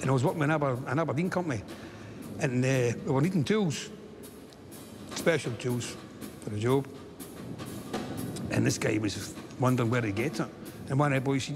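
A man, a former oil rig worker, telling a lively anecdote and acting out the dialogue of the people in it. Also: mid-range voice, fairly quick, long pauses. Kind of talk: anecdote told in a documentary. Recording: reverberant hall with music playing.

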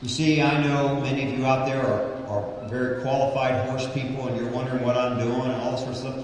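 A man's voice: medium pitch, steady tone, fairly quick, faint music behind. Emphatic male preacher in echoey arena. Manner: emphatic, dramatic swings in pace. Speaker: preacher and horse trainer. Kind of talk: sermon with live horse demonstration. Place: indoor horse arena. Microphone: distant mic. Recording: distant mic in echoey arena.

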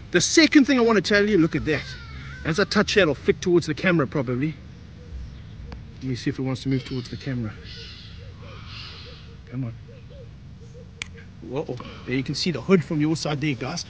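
A middle-aged man hosting an energetic outdoor wildlife demonstration, talking straight to his viewers and breaking into whoops. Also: high voice, distant mic, slight background noise. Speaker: wildlife handler and host. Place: outdoors by snake enclosures.

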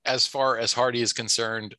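A man's voice: medium pitch, level tone, moderate pace, bright, forceful tone, no echo. A man co-hosting a podcast who reads listener comments aloud and makes dry asides in casual chat.

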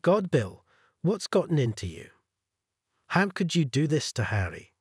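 A frightened, shaken wife, read by a man in an audio story, hesitant and pleading. The voice is husky and dry, and its pitch swings widely. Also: very animated, measured pace, a little mellow, no room sound, heavily acted.

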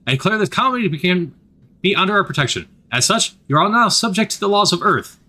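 A man's voice: sits high, expressive, quick pace, pushed and bright, pitched above the performer's own voice, full character voice. A man playing a smug, easygoing military commander. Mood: proud. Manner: proud, stubborn declarations.

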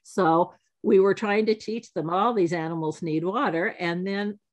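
A woman in her seventies giving a talk, telling lively anecdotes and acting out the exchanges she quotes. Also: on the low side, a little slow. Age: 70s. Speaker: alumni speaker. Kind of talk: storytelling talk.

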